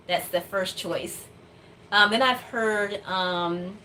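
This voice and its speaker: A woman's voice: mid-range voice, slow, pushed and bright, a little hiss or hum. A woman vlogger from the United States chatting casually to her viewers, rambling with lots of fillers and little laughs. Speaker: doll customizing vlogger.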